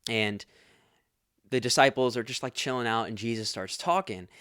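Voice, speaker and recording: A man's voice: medium pitch, moderate pace, a bit bright, smooth, no room sound, clean studio sound. A man hosting a faith podcast, talking earnestly and casually and laughing often. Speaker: podcast host.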